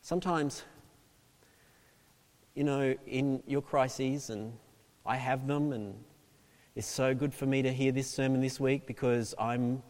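A man preaching a sermon with dynamic delivery, swinging from loud emphasis to hushed asides. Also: mid-range voice, steady tone, slow pace, pauses often, long reverb tail. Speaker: pastor.

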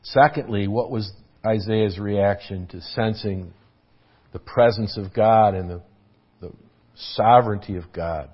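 A man's voice: lowish voice, a little slow, husky, lo-fi sound. A man preaching a sermon as pastor, earnest and emphatic, repeating key phrases for weight, in a church hall.

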